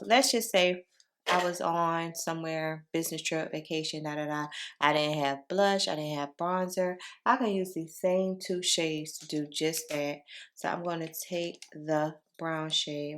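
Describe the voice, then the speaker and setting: Chatty woman, low morning voice. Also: steady tone, measured pace, a bit bright, slight background noise. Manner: chatty, addresses viewers as y'all. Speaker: beauty vlogger. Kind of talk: casual makeup tutorial chat.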